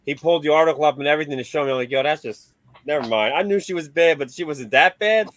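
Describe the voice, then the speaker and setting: A man's voice: a little high, very fast, a bit bright, no echo. A man in casual chat about remote-control cars, laid-back and chatty, laughing often.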